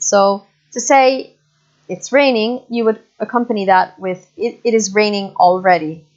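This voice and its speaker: A woman giving an online English lecture, explaining slowly with many fillers and frequent checks for understanding. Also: on the high side. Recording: muffled lo-fi recording.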